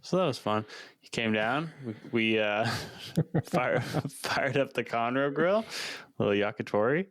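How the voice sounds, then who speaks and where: A man's voice: mid-range voice, expressive, a little slow, fairly bright tone, no echo, clean studio sound. A man co-hosting a podcast, chatting casually in a laid-back, joking way. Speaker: podcast co-host. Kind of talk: casual chat.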